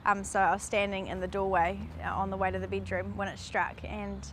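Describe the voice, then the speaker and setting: NZ female reporter, mid pitch, flat and matter-of-fact. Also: a little fast, slight background noise. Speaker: television reporter. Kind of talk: documentary interview recollection.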